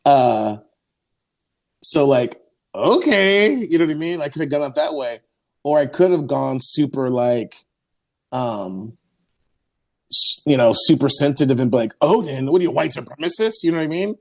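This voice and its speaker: A man's voice: medium pitch, moderate pace, long pauses, a little mellow. A man, an Orthodox priest and podcast host, telling a rambling story in casual chat, full of fillers and acted-out quotes. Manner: rambling, many fillers, acts out quoted voices.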